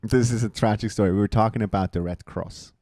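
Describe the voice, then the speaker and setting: A man co-hosting a casual comedy podcast, telling profane stories with animated energy. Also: on the low side, fast talker, dry recording, clean studio sound. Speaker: podcast co-host. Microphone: studio podcast mic.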